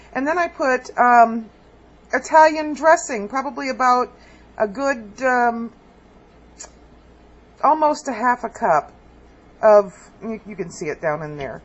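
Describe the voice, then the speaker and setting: A woman chatting casually through a home cooking demonstration, homey and full of ums. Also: medium pitch. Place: home kitchen. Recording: dull lo-fi home video with faint background hum.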